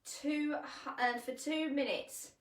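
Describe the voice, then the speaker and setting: A woman's voice: high-pitched, fairly even intonation, slow. A woman fitness coach, leading a live online workout at home in a chatty, upbeat way and laughing often. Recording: echoey room.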